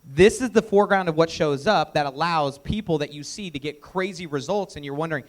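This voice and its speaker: Guy running a sales workshop, kinda high voice, pumped up and punchy, keeps asking the crowd stuff. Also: fairly quick, hardly any pauses. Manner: energetic, emphatic, asks the audience questions. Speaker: workshop presenter. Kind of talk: live training talk to an audience.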